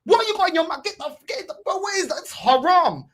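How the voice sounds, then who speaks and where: A woman's voice: extremely high pitch, animated, fast talker. A woman ranting about her football club in an exasperated, repetitive way. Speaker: football fan streamer. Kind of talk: ranting fan commentary.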